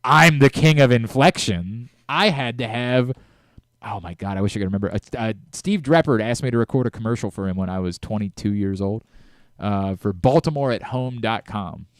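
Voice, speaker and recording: A middle-aged man hosting a sports radio talk show, talking in an animated way with frequent restarts and self-corrections. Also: fairly low pitch, a little fast, dry recording, clean studio sound.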